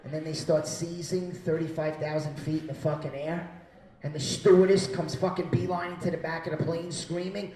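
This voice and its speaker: A man's voice: on the high side, level tone, normal speed, recorded from a distance. Profane stand-up comic man, roomy venue. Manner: profane, loud acted-out quotes. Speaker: stand-up comedian. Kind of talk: stand-up comedy set. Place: small comedy venue.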